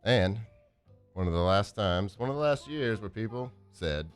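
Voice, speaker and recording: A man co-hosting a sports talk radio show, reading off trivia with playful, animated delivery. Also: fairly low pitch, normal speed, clean tone, soft background music. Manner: reads trivia list with playful old-timey voice bits. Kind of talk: casual sports radio banter.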